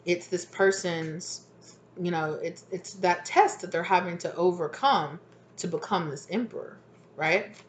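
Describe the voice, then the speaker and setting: A woman's voice: lowish voice, a little slow, a little hiss or hum. A woman reading tarot cards in a casual, chatty way, often checking in with "right?" and "exactly". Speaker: tarot reader.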